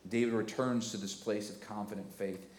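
A man's voice: lowish voice, fairly even intonation, fairly quick, slight background noise. Man in his forties preaching in an echoey church. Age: 40s. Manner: preaching with swells into loud emphatic passages. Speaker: pastor. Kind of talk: sermon. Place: church sanctuary.

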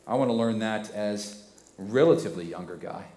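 A man's voice: lowish voice, a little fast. Man in his forties preaching in an echoey church. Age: 40s. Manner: preaching with swells into loud emphatic passages. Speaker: pastor. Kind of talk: sermon. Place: church sanctuary.

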